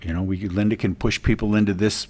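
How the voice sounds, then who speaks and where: A man's voice: on the low side, steady tone, fast talker, a little mellow. A middle-aged man, a realtor guest, talking earnestly in a casual TV interview, rambling with many restarts.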